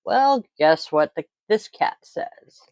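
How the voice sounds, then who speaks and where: A woman's voice: fairly low pitch, expressive, slow pace, darkish tone, dry recording, poor audio. A woman hosting a daily tarot and oracle card reading, talking casually with blunt swearing and rambling asides. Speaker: tarot reader and host. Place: home, family audible off-mic.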